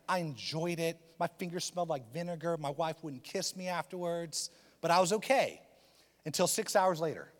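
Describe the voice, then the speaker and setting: A man preaching a sermon as a pastor, telling a personal story in an animated, humorous way. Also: fairly high pitch. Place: church auditorium. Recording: long reverb of a church hall.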